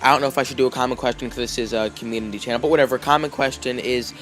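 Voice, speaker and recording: Male vlogger, casual rambling storyteller, average pitch, soft music bed. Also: steady tone, racing. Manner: rambling, heavy with fillers and restarts.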